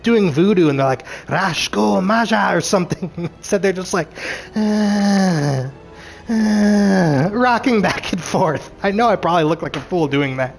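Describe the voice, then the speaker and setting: Fired-up man ranting a show recap. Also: high voice. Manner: animated, frustrated, swears freely; acts out characters' lines in quick voices.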